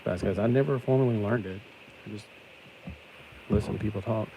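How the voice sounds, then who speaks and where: Middle-aged male vlogger, low voice, loose self-mocking banter, steady background noise. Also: brisk, vocal fry. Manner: chatty, self-deprecating, joking asides. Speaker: toy-building vlogger. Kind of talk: casual rambling chat while building.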